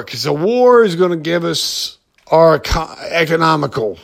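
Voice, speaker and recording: A man hosting a podcast in a rambling, profane monologue, full of halting restarts and fillers. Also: fairly high pitch, very animated, creaky. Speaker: podcast host. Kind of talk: casual ranting monologue.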